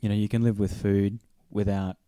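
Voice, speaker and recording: A man's voice: fairly low pitch, flat delivery, normal speed, dark tone, smooth, dry recording, studio quality. A man in a casual podcast chat, laid-back and enthusiastic, often tagging his sentences with "man".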